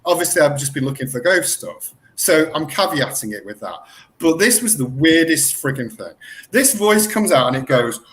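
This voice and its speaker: A middle-aged man spins a story in an interview, his voice sitting a touch high and leaping up and down as he gets worked up. He talks in an excitable rush of half-finished phrases and self-corrections. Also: normal speed. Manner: animated, excitable retelling with lots of self-corrections. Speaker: guest researcher.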